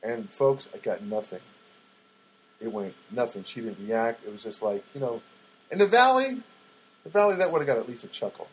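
A man's voice: medium pitch, expressive, moderate pace, slight background noise, rough recording. A man telling a long wry anecdote to his listeners, chatty and full of asides and fillers. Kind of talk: rambling anecdotal storytelling.

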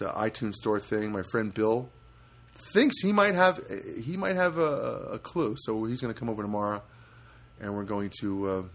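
Animated rambling man hosting a podcast. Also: on the low side. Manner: rambling, with many restarts and animated quoted voices. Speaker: podcast host. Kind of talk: casual storytelling monologue. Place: studio apartment.

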